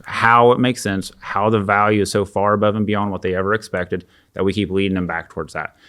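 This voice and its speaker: Male sales coach, low pitch, relaxed and practical. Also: brisk, clean tone. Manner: relaxed, practical, acts out short sample questions. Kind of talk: casual explanation of sales technique.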